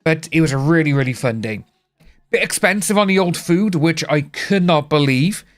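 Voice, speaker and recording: A man's voice: fairly high pitch, expressive, moderate pace, faint music behind. Chatty British man streaming. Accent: British English. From United Kingdom. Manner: rambling, chatty, greets viewers by name. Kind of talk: casual live-stream chat.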